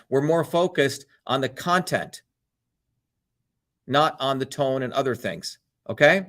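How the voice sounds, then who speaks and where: A man hosting his own live show, delivering a fiery, blunt and profane monologue. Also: medium pitch. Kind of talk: livestream monologue.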